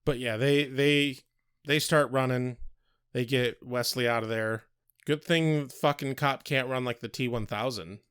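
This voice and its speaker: A man speaks bluntly in casual podcast chat, swearing freely as he makes his points. His voice is of middle pitch for a man. The recording is dry, with no room sound. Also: fairly even intonation, measured pace, fairly bright tone, clean tone, no room sound. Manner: blunt, profane ranting. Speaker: podcast co-host.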